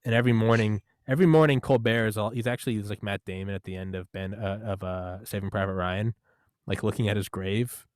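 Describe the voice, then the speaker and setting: A young man in casual comedic chat, rambling through jokes and bursting into loud shouted impressions. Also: fairly low pitch, brisk, dry recording, studio quality.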